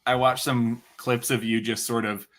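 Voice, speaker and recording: A man's voice: medium pitch, little pitch movement, fairly bright tone. Male host, loose and jokey, mid-range voice, casual interview energy. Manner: joking, fast, playful hype. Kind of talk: casual chat.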